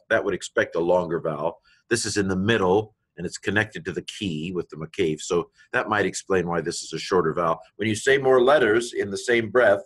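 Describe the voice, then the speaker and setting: A man's voice: sits low, a bit bright, breathy edge. Man patiently sounding out lesson. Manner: patient, explains step by step, sounds out letters slowly. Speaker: teacher. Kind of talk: classroom lecture on reading Hebrew.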